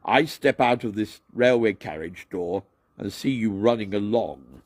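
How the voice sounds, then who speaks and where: A man voicing an excitable actor who keeps instructing and scolding a cat, in a raised, loud voice. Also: on the low side, unhurried, no echo, clean studio sound. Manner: loud, exasperated. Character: excitable male actor directing a cat scene.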